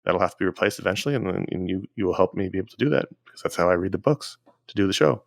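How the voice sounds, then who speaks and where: A man's voice: deep voice, lively intonation, rapid-fire, creaky, dry recording, clean studio sound. A man co-hosting a podcast in a casual, chatty way, running through announcements and listener emails. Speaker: podcast co-host.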